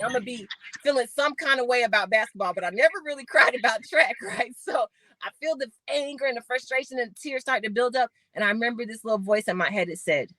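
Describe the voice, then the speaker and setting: Animated woman telling a story. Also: on the high side, fast talker, dry recording. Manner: animated storyteller acting out quoted voices. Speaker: podcast guest, Olympic sprinter. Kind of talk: storytelling in a podcast interview.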